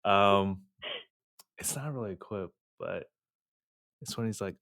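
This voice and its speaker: A man co-hosting a casual podcast chat, relaxed, asking questions and laughing along. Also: fairly low pitch, unhurried, creaky, pauses often, dry recording, clean studio sound. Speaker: podcast co-host.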